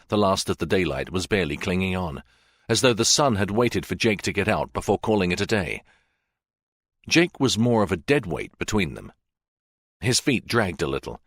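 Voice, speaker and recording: A man narrating a fiction audiobook in a steady, measured way. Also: deep voice, dry recording, clean studio sound. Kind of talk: scripted narration.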